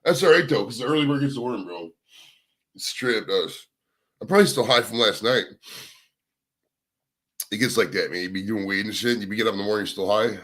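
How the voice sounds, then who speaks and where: A man's voice: lowish voice, animated, brisk, pauses often, fairly bright tone. Rambling, swearing young man on a livestream. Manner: rambling, profane, chatting to viewers. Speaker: livestream host. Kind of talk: casual livestream chat. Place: home, indoors.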